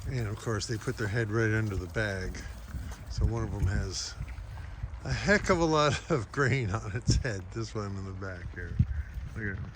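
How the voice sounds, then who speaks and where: A man, a sheep farmer, chatting relaxed in a casual farm vlog outside in a pasture, talking to his animals, recorded on a handheld camera. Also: on the low side, normal speed. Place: outdoor pasture among solar panels. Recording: noisy outdoor recording.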